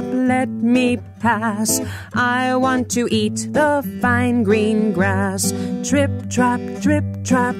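A woman's voice: high voice, pitched above the performer's own voice. A woman voicing a small young billy goat who sings a lilting chant in a raised voice.

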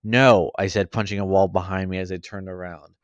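Male amateur story reader, low, stumbling, dry recording. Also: completely flat delivery, darkish tone, clean tone, no echo, highs cut off. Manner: halting, with frequent stumbles and self-corrections. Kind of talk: reading a fan story aloud.

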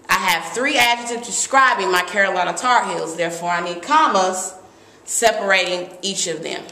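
Bright-voiced woman teaching grammar. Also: medium pitch, normal speed. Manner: lively, emphatic, reads examples aloud. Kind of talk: grammar lesson. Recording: echoey room.

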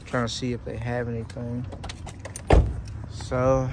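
A man's voice: mid-range voice, little pitch movement, slow pace. A man hosting a casual vlog, easygoing and talking straight to the viewers as y'all. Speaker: vlog host. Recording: vlog audio with traffic noise.

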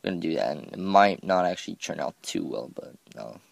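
A man's voice: deep voice, expressive, brisk, creaky, dry recording. A man giving casual, rambling game commentary, self-mocking and often stumbling over his words. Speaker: gameplay commentator.

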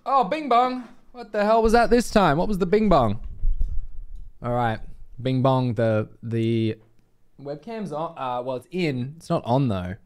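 A man chatting to his viewers during a live game stream, animated and swearing freely. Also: mid-range voice, measured pace. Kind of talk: live gameplay stream chat.

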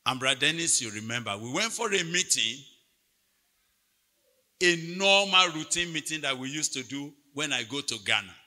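A man preaches a sermon in a big hall, his bright, forceful voice carried on a long reverb. His pitch sits a little high for a man. He swings from quiet asides to loud, dramatic peaks as he tells his story. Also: lively intonation, moderate pace. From Nigeria. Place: large hall at a retreat.

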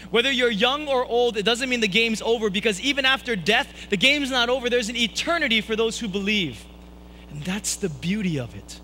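A man's voice: high voice, bright, forceful tone, slight background noise, low-quality recording. A man preaching a sermon at a church service, telling stories in a playful, self-mocking way with jokey asides. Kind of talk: humorous sermon storytelling.

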